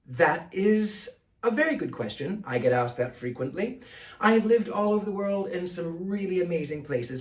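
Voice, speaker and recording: A man's voice: sits high, roomy sound, far from the mic. A man with an old-fashioned Mid-Atlantic accent and theatrical, precise diction, answering viewer questions in a casual monologue. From United States.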